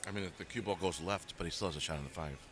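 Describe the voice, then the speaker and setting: A man co-commentating a pool match in a chatty, friendly way, trading quick banter. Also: sits low, fairly bright tone, soft background music. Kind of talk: casual live commentary.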